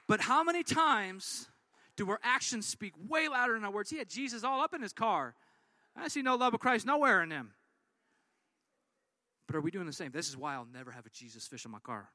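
A man delivers a sermon from the pulpit with a high, bright voice. He preaches in an animated way, acting out the people in his stories. The sound is dry and close. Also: a little fast, no room sound, some chatter behind. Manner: animated storytelling with acted-out quotes. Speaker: pastor.

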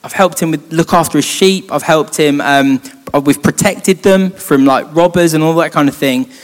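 A man's voice: on the high side, moderate pace, natural voice. A man voicing David, a young warrior leader with a hot temper, in his own casual voice. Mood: matter-of-fact. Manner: retold in the storyteller's own casual voice. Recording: long hall reverb.

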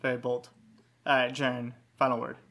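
A man's voice: mid-range voice, monotone, brisk, creaky, a bit bright. A man with a mid-range voice moderates a comedy panel debate in a mock-formal way. He calls on each panelist and weighs up the points. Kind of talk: mock game-show hosting.

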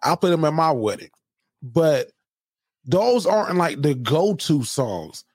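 A man's voice: a little high, sing-song, a little slow, a little mellow, slightly rough, dry recording, studio quality. A man co-hosting a comedy podcast, chatting loosely and retelling stories with quoted lines. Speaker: podcast co-host. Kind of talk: casual comedic chat.

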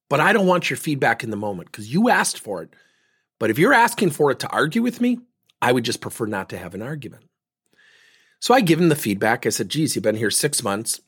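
A man's voice: mid-range voice, husky. A man giving a talk, telling a story and acting out both sides of a conversation. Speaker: speaker on leadership and feedback.

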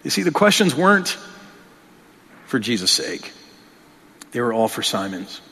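A man's voice: mid-range voice, sing-song, a little slow, pushed and bright, breathy edge. A male pastor preaching a sermon in an earnest, conversational way, often restarting his phrases. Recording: long reverb of a large hall.

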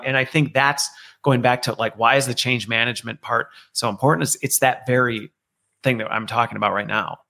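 A man's voice: medium pitch, steady tone, fairly quick, vocal fry, pushed and bright. A man interviewed as a guest, speaking conversationally and reflectively, explaining his ideas through analogies and acted-out quotes. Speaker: guest, learning executive.

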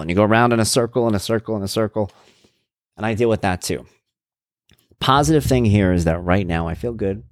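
A man's voice: lowish voice, no echo, studio quality. A man in his thirties hosting his own show, speaking in a candid, reflective personal monologue full of fillers and restarts. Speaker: blogger and podcast host.

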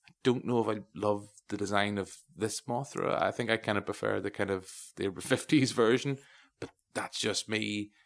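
An Irish man with a somewhat low voice hosts a film review podcast. He talks in a casual, rambling way, full of wry asides. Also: fairly even intonation, normal speed, gravelly. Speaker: podcast host.

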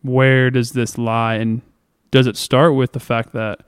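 A man's voice: medium pitch, flat delivery, a little slow, clean tone, dry recording, clean studio sound. A man co-hosting a podcast, talking through a book chapter on faith in an earnest, thinking-aloud way with fillers. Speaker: podcast co-host. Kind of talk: casual faith discussion.

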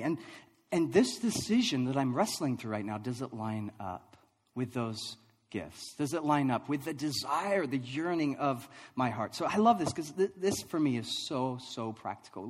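A man preaching a sermon, telling a funny personal story with lively, self-deprecating delivery and frequent laughs. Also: mid-range voice, slightly rough, big-room sound. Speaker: pastor.

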